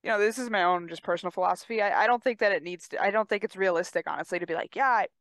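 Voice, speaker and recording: A woman's voice: mid-range voice, racing, no echo. A woman co-hosting a sports podcast, talking candidly and reflectively in casual chat, swearing casually. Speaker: podcast co-host and athlete.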